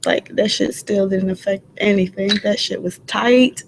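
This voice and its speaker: Blunt, cussing young woman co-host, gravelly voice, faint background noise. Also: medium pitch, fairly even intonation, moderate pace, poor audio. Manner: blunt, profane. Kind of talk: casual chat.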